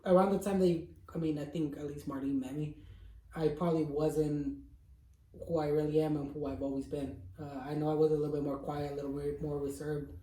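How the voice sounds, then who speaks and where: A man's voice: fairly high pitch, level tone, fairly quick, dark tone. A young man chatting casually with friends, rambling with lots of fillers and frequent laughter. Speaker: friend in group chat. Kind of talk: casual chat among friends. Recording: roomy, distant from mic.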